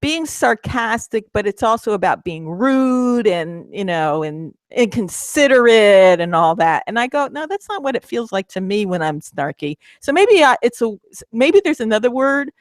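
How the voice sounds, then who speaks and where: A woman's voice: a little high, big pitch swings, moderate pace, no room sound. A middle-aged woman co-hosting a casual talk, chatty, with many restarts and fillers. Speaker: co-host, midlife coach. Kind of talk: casual chat.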